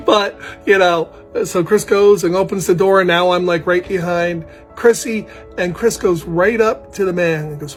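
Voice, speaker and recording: A man, a proud father, casually telling a story about his son, animated and laughing often as he talks. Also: high voice, normal speed, soft background music. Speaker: parent telling a family story.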